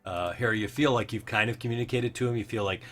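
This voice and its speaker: A man's voice: fairly low pitch, fast talker. A man narrating as game master, rambling with many fillers. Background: faint background music.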